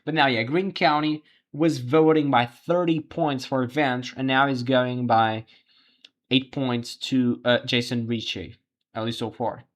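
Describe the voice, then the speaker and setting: A man hosting a livestream, giving live election results commentary while thinking aloud, halting with frequent restarts. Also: mid-range voice, steady tone. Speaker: livestream host.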